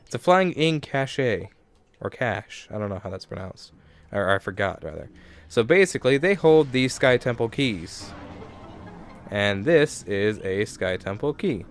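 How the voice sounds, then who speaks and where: A man's voice: on the low side, expressive, normal speed, soft background music. A young man giving casual let's play commentary into a desk microphone, rambling and correcting himself as he thinks aloud.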